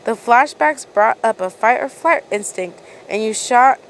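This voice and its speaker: A woman's voice: a little high, expressive, unhurried, a little hiss or hum, low-quality recording. A woman reading a second-person fan story aloud in a casual way, often stumbling over words and restarting. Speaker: fan fiction reader.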